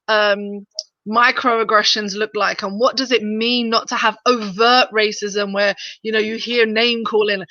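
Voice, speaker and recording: Lively high-voiced woman, bright tone. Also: no echo. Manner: animated, incredulous, mimics others in quoted voices. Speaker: podcast co-host. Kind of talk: casual opinion chat. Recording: dull lo-fi sound.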